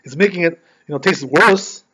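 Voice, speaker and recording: A man's voice: on the high side, moderate pace, background noise. A male rabbi giving a conversational lesson on religious law and telling stories, often checking in with "right?". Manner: conversational, frequent "right?" tag questions. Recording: dull lo-fi recording.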